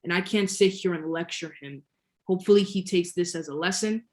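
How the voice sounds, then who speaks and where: A young adult woman, a guest entrepreneur, tells a story in a casual interview with a fairly low, fairly quick voice. She laughs often and stretches out key words.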